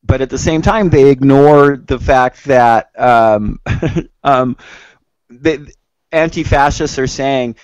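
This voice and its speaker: Brief: man podcast host, mid pitch, rambling with restarts, dry close recording. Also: slow, smooth, no room sound, low-quality recording. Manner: rambling, lots of fillers and restarts. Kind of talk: casual political chat.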